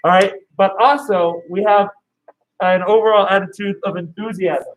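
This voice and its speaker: A man's voice: high-pitched, fairly even intonation, normal speed, narrow, tinny audio, slight background noise. Upbeat man coaching a kids' karate class. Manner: upbeat, with drill commands and countdowns. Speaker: karate instructor.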